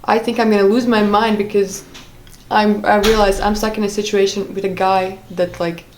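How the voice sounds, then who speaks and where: A woman's voice: mid-range voice, little pitch movement, normal speed, darkish tone, a little hiss or hum. A young woman telling a personal story in a casual monologue, rambling, with many fillers and restarts. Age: young adult. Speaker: vlogger.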